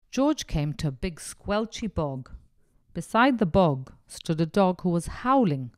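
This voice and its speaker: Slow, gentle woman reading a picture book. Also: lowish voice, big pitch swings, no echo, studio quality. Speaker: narrator.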